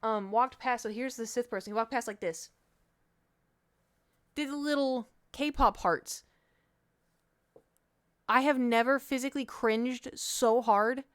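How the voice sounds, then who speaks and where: A woman's voice: fairly high pitch, slow pace, pauses often, no echo, clean studio sound. A woman streamer chatting casually and animatedly, hopping from one story to the next. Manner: chatty and animated, jumping between stories. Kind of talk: casual chat.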